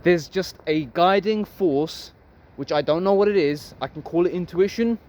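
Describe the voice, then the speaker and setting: High-voiced man musing aloud. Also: normal speed, darkish tone. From Harlow, Essex, England. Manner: rambling, musing, swears freely. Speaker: vlogger. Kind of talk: casual philosophical monologue.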